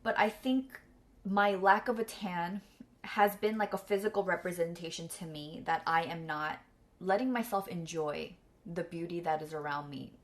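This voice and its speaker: Tearful woman, candid and low-voiced. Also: moderate pace. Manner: candid, filler-heavy, on the verge of tears. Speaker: vlogger and coach. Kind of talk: emotional personal storytelling.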